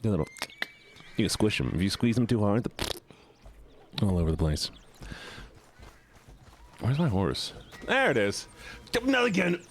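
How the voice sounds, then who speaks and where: A man's voice: on the low side, sing-song, measured pace, pauses often, slight background noise. A man live-streaming a game, chatting casually with his viewers and swearing when startled. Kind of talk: casual live-stream chat while gaming.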